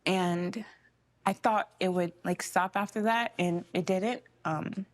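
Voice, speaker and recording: A tearful young woman giving an emotional personal testimony, speaking haltingly with many fillers. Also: lowish voice, fairly even intonation, dry recording. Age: young adult. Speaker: interviewee.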